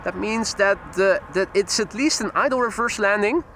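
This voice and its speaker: A man's voice: high voice, normal speed, noisy background. A man hosting a live stream, chatting casually while commenting on arriving airplanes and greeting viewers. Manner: chatty, reads viewer comments, laughs easily. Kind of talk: live plane-spotting commentary.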